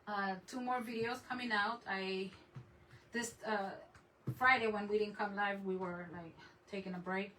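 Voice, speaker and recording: A woman's voice: medium pitch, steady tone, a little slow, sharp tone. A woman hosting a craft livestream, chatting casually with viewers, laughing often and greeting them in Spanish. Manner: laughs often, trails off mid-sentence. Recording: voice a bit distant, faint room noise.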